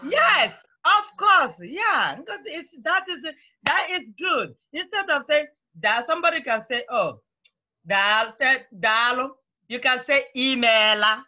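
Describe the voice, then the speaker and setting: A woman teaching a beginner language class, patiently repeating phrases slowly and clearly for her students. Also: sits high, expressive, sharp tone, muffled recording. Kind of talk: online language lesson.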